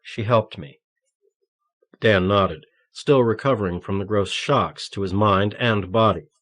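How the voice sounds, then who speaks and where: This male narrator's voice sits on the lower side as he reads a novel aloud from a script. His storytelling is even and measured, in the manner of an audiobook.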